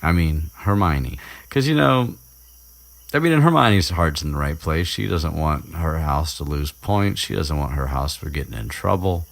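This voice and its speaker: A man retelling a book chapter in casual chat, rambling with many restarts and fillers and dropping into quick voices for the characters. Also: a bass voice, vocal fry.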